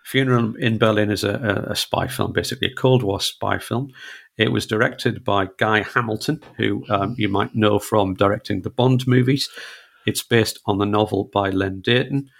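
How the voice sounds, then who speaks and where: Gravelly man chatting about films. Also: on the low side, fairly even intonation, moderate pace. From northeast England. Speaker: film reviewer guest. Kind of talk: casual radio chat.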